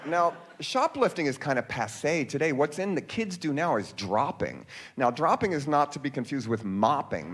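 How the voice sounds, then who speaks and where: A man performing a comic stage monologue from a theater stage, telling stories in a wry, dry way full of quick asides. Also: mid-range voice, fairly bright tone, a little hiss or hum.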